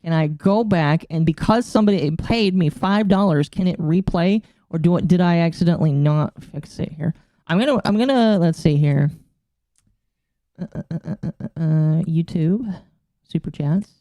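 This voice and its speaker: A woman's voice: on the low side, moderate pace, mellow, no echo, studio quality. A woman VTuber streamer chatting casually to her live audience, flustered and exasperated as she fiddles with her settings and talks to herself.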